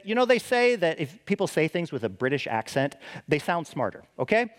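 A man preaching a sermon with a lively voice that swings widely up and down. He sits a little high in his range and keeps asking the listeners questions. He restarts his phrases and checks in with them as he goes. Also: a little fast, hardly any pauses. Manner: animated, asks the listeners rhetorical questions; frequent restarts and "right?" tags. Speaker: pastor.

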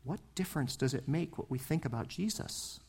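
Animated, conversational male preacher. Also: a little high, a little fast, vocal fry, husky. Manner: passionate, rising and falling emphasis; conversational, asks the listeners questions. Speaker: pastor. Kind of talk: sermon.

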